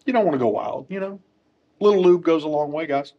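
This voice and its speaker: A man's voice: a little high, expressive, a little fast, lo-fi sound. A man working as a motorcycle technician, talking through a wheel install in a workshop with joking, self-deprecating asides. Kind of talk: casual how-to tutorial.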